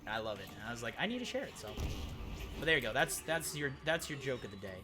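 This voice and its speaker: A man's voice: medium pitch, expressive, quick pace, music in the background. A young man streaming a game, telling a long joke in a rambling way and acting out the people in it. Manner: rambling joke-teller, acts out quoted voices. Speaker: gaming streamer. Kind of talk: casual storytelling while playing.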